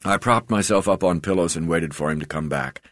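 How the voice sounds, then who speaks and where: Deep-voiced man narrating a memoir. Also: brisk, a bit bright, no room sound, clean studio sound. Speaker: audiobook narrator. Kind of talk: scripted first-person memoir narration.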